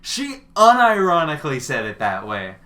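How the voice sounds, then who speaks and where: A man's voice: fairly high pitch, huge pitch swings, normal speed, background noise. A young man co-hosting a casual dorm-room podcast, telling an anecdote to friends. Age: young adult. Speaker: podcast co-host. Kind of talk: casual chat.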